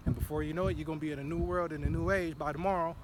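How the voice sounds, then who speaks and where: A man talking casually in an earlier video clip, excited and rambling. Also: on the high side, rapid-fire, a little hiss or hum. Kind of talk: casual talk in his own earlier video.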